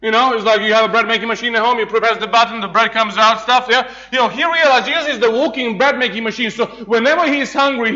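A man's voice: extremely high pitch, quick pace, hardly any pauses, sharp tone. A man from Serbia, preaching a humorous sermon, telling jokey stories with laughs and many restarts. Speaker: pastor. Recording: dull lo-fi sound.

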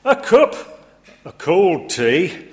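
A man putting on a Yorkshire accent to voice a boastful old Yorkshireman, high, loud and exaggerated. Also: big pitch swings, extremely slow, full character voice. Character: boastful old male Yorkshireman bragging about hardship.

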